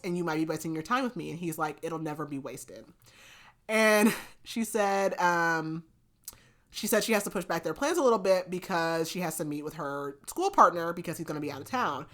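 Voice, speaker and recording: Podcast host, young woman, lower-pitched, chatty recap style with constant fillers. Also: a bit bright. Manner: chatty, filler-heavy retelling with lots of "like". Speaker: book review podcast host. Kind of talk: casual book recap.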